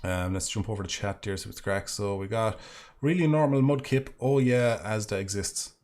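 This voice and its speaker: Low-voiced man chatting on stream. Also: expressive, a little fast, a little mellow. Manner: rambling, sweary and sarcastic. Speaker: streamer reading super chats. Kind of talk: casual live-stream chat.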